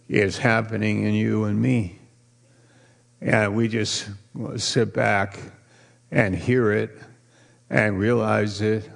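Slow gravelly pastor preaching. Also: male voice, on the low side. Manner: playful, quizzes the congregation; drawn-out emphasis on key words. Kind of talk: sermon.

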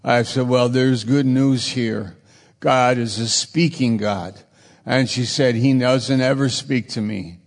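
Slow gravelly guy preaching, says things over and over, long echo like a big church hall. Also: mid-range voice, steady tone. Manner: repetitive, emphatic phrasing. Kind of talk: sermon.

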